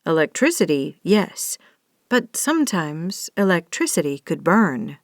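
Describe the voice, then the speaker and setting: A woman reading a small-town romance audiobook as the narrator, in a steady storytelling manner. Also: on the low side, unhurried, no room sound, studio quality. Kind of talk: scripted narration.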